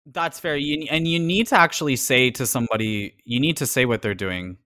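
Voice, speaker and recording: A man's voice: medium pitch, a little fast, bright, forceful tone. A man from Canada in casual conversation as a podcast co-host, talking earnestly and reflectively about personal experience.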